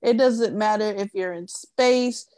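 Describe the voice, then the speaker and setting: A woman's voice: medium pitch, unhurried, mellow, dry recording. A woman co-hosting a casual chat podcast, speaking emphatically and rambling with many restarts. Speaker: podcast co-host.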